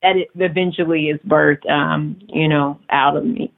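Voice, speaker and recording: A woman talking as a guest author in a casual interview, chatty, quick to laugh and full of fillers. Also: low voice, steady tone, creaky. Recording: tinny phone-like line.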